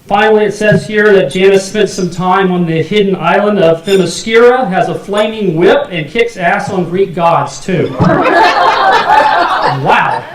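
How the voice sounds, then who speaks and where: A man's voice: high-pitched, measured pace, crowd noise. A man acting as emcee at an awards dinner, reading thanks and an introduction and joking in little asides. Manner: jokey, laughs at own asides. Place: banquet hall. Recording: echoey hall, faint noise.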